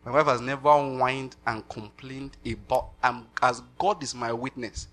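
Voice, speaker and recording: A middle-aged Nigerian man preaching a sermon with animated delivery, slipping into pidgin asides and laughing. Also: medium pitch, unhurried.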